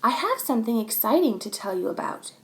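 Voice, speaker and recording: A woman voicing a calm, firm schoolteacher in a storybook reading, patient and steady. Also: fairly high pitch, a little fast. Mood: inviting.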